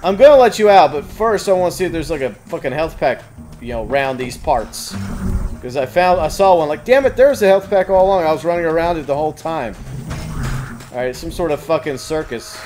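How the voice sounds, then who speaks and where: A let's play gamer with a fairly high, lively voice talks fast and loud while playing, swearing and trash-talking the enemies. Game music plays behind him.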